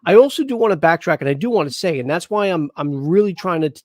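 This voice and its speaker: A man's voice: fairly high pitch, animated, fast talker, a little mellow, dry recording, clean studio sound. A man co-hosting a casual show review, rambling with lots of false starts and restarts. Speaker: podcast co-host.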